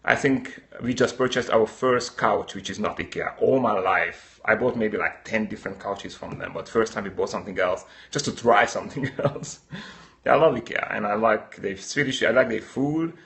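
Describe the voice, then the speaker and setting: A man's voice: lowish voice, normal speed, gravelly, fairly bright tone. A man from Slovakia with a Slovak-Hungarian accent, chatting casually and answering viewer comments during a live coffee-brewing stream. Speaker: livestream host.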